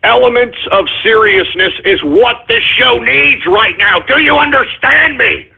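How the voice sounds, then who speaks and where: A man's voice: extremely high pitch, animated, measured pace, creaky, slightly rough. A man hosting a live talk radio show, reading out listener names with exasperated, mock-angry rants and frequent swearing. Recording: tinny, phone-like lo-fi audio.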